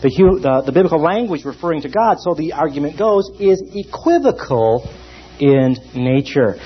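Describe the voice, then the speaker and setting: Animated man giving a theology lecture. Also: on the high side. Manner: lively and emphatic, with many pauses. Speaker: theology teacher. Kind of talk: classroom lecture. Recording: dull lo-fi recording.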